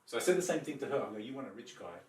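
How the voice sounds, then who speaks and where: Man, podcast storyteller, animated, swears a lot, roomy echo, distant mic. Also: medium pitch, rapid-fire. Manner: animated, swearing, acts out quoted lines. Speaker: podcast co-host. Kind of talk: casual storytelling chat.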